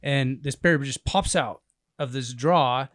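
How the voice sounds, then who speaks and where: A man co-hosting a podcast, telling a hunting story in a rambling, animated way and laughing often. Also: medium pitch, slow pace, dry recording, studio quality. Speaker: podcast co-host and bear hunter. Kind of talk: casual storytelling chat. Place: indoors in a cabin.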